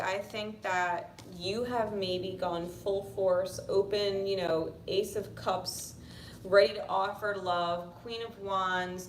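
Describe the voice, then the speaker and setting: A woman's voice: mid-range voice, distant mic. Blunt, profane woman tarot reader. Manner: blunt and profane, swings to animated outbursts. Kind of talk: casual tarot reading. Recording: echoey room with noise.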